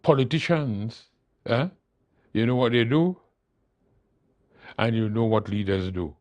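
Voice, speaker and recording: An older man speaks as a studio interview guest, hammering his points by saying them again and again. His voice sits at an ordinary pitch, and the sound is close and dry with no room echo. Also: lively intonation, a little slow, darkish tone. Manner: emphatic, repeats key phrases for emphasis. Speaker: interview guest, political leader. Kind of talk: studio talk show interview.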